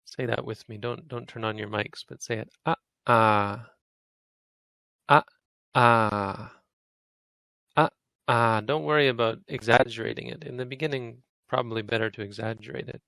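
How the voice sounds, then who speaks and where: A man's voice: medium pitch, fairly even intonation, quick pace, vocal fry, few pauses, a bit bright, dry recording, low-quality recording. A man teaching an online language class, patiently saying vowel sounds aloud over and over for his students to copy. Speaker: Pali teacher. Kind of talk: online language lesson, demonstrating pronunciation.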